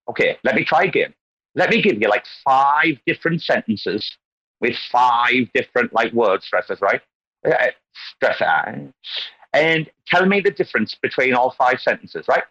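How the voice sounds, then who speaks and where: A man's voice: medium pitch, animated, moderate pace, fairly bright tone, breathy edge, dull audio. A man hosting an online community call, talking casually and animatedly as he wanders into tangents and lectures about word stress. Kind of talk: casual group call chat.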